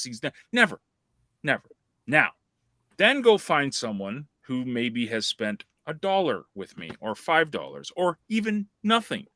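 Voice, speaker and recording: Male podcast host, bright dry voice, emphatic and repetitive. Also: mid-range voice, wildly swooping pitch, unhurried, no echo. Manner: emphatic, repeats points for effect. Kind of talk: casual podcast chat.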